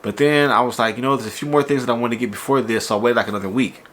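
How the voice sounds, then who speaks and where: A man's voice: medium pitch, rapid-fire. Congested, nasal man chatting casually. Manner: animated, exasperated storytelling with laughs. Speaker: toy collector vlogger. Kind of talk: casual unboxing vlog.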